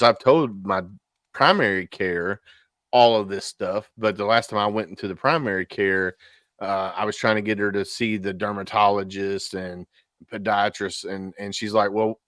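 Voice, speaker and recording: A man in his forties, a veteran guest talking casually in an interview, halting and repeating words with many fillers. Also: lowish voice, a bit bright, no room sound. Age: 40s.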